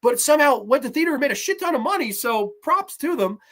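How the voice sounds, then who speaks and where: Animated, profane woman ranting about horror. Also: high-pitched, fast. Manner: profane, sarcastic, exasperated ranting. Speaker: horror movie reviewer. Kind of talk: ranting review monologue.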